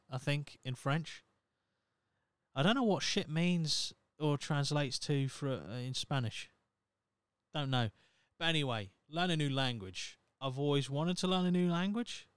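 A man's voice: medium pitch, smooth, dry recording. A man in his thirties with a Norfolk English accent, hosting a solo podcast in a rambling, swearing, self-mocking chat. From Norfolk, England. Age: 30s. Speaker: podcast host. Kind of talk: casual solo podcast monologue.

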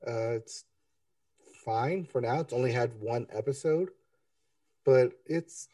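A man co-hosting a TV review podcast, talking in a relaxed, offhand way. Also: mid-range voice, takes it slowly, no echo, distant mic. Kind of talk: casual chat.

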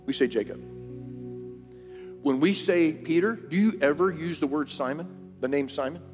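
A pastor with a fairly high-pitched, darkish-toned voice preaches a sermon at normal speed, with faint music behind him and the long reverb of a large hall. His style is conversational and earnest, often restarting and speaking straight to the congregation.

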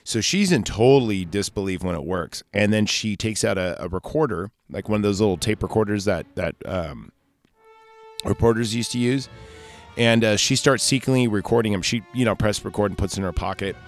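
A man's voice: lowish voice, a little fast, soft background music. A man hosting a casual solo podcast, recapping a film in a loose, rambling way and correcting himself as he goes. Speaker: podcast host.

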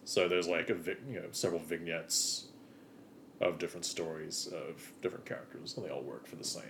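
A man's voice: low voice, a little fast, gravelly, slight background noise. A man co-hosting a podcast in a rambling, giggly, casual comedic chat. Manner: giggly, rambling, deadpan teasing. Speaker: podcast co-host.

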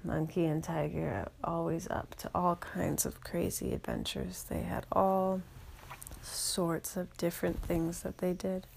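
Woman with a low, gravelly storytelling voice. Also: a little slow, darkish tone, a little hiss or hum. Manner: rambling, with fillers and restarts. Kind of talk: improvised children's story narration.

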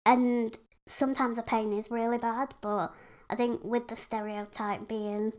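A chatty woman from England, speaking openly as a podcast guest. Her voice sits a little high, and her talk is loose and full of fillers. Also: flat delivery, a little slow. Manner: chatty, frank, lots of fillers. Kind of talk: casual conversation.

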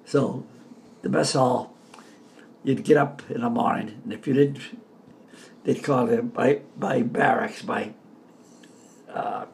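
An older man from the Boston area telling stories about his army days in a casual, animated way. He laughs often and shouts out the lines he quotes. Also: medium pitch, slow pace, creaky, long pauses, slight background noise. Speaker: veteran telling war stories. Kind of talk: casual storytelling.

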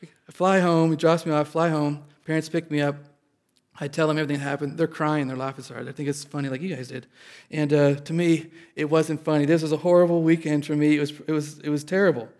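A male pastor from Indiana, his voice somewhat high, shares a personal story with an audience. He's animated and pokes fun at himself, and he talks fast.

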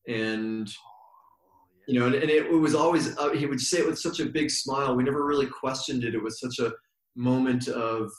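A man guest on an interview, telling stories in a reflective, meandering way and slowing down for emphasis. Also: mid-range voice, little pitch movement. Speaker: yoga teacher, podcast guest. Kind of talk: relaxed storytelling interview. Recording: roomy echo.

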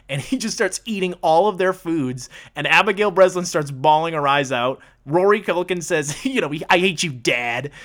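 A man's voice: on the high side, a bit bright. A man co-hosting a casual movie podcast, recapping scenes in a loose, profane way and laughing often. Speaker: podcast co-host.

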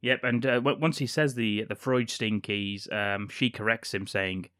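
A man's voice: fairly low pitch, fairly even intonation, unhurried, bright, forceful tone, no echo. A man co-hosting a podcast, casually recounting a film's plot with dry, sweary asides. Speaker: podcast co-host. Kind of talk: casual film recap chat.

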